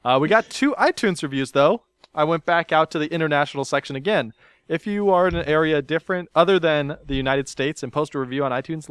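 Lively, animated man hosting a podcast. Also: on the high side, clean tone, no echo, clean studio sound. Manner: animated, laughs often, teasing. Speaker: podcast host. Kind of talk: casual podcast chat.

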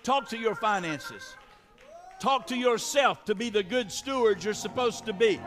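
A man's voice: sits high, expressive, a little slow, a bit bright. A man preaching a sermon as pastor, exhorting the congregation with repeated calls and responses. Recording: long reverb of a large hall.

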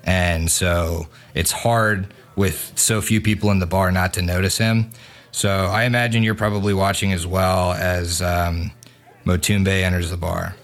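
A man's voice: sits low, steady tone, a little slow. A man narrating as game master of a tabletop game, casual and hesitant with many fillers.

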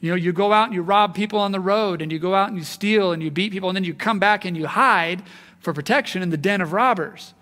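A man preaching a sermon in an animated way, acting out the voices he quotes. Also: sits high, quick pace, big-room sound. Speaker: pastor.

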